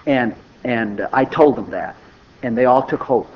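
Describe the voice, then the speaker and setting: An older man preaches an informal, conversational sermon in a medium-pitched voice at a moderate pace, acting out little dialogues along the way. The lo-fi recording sounds dull, with faint noise.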